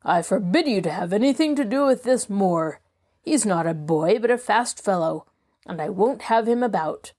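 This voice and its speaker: A stern, angry father speaks in a clipped, slightly lowered voice, as a woman reads him aloud. The tone is dark and mellow, storybook-like. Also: expressive, normal speed, close to an everyday voice.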